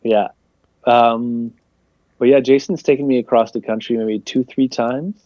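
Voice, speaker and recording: A man's voice: medium pitch, fairly even intonation, a little slow, no echo. A young man, a guest comedian, rambling casually through an interview in a laid-back way. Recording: dull lo-fi dry sound.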